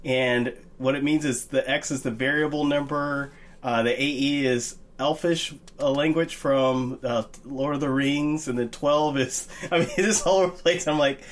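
A man co-hosting a Bible study podcast in relaxed, casual chat, hesitating with many fillers. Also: mid-range voice, moderate pace.

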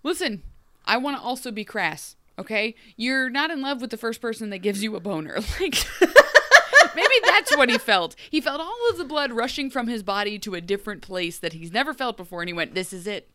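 A woman's voice: on the high side, a little fast. A woman co-hosting a podcast, chatting casually about a TV episode and acting out the characters' lines as she tells it. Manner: animated, acts out characters' lines mid-story. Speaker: podcast co-host. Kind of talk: casual chat recapping a TV episode.

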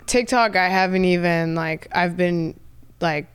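A woman's voice: lowish voice, a little slow, smooth. An American woman chatting casually as a podcast guest, laid-back, swearing freely and trailing off mid-thought. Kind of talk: casual chat.

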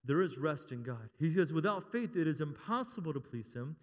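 A man's voice: on the high side, very animated, normal speed, few pauses. A man in his fifties preaching a sermon in a church, joking with the congregation and rising to emphatic calls. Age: 50s. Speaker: pastor. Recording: long hall reverb.

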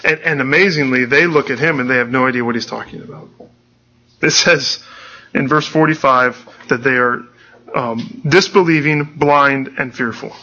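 A man's voice: mid-range voice, normal speed, sharp tone, dull audio. A pastor giving a conversational, earnest sermon, often restarting his sentences.

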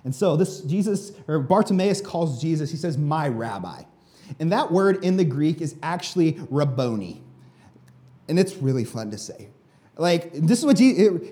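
A man's voice: a little high, very animated, moderate pace, warm tone. A man preaching a sermon with emphatic delivery, speaking directly to the congregation and leading them along. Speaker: pastor.

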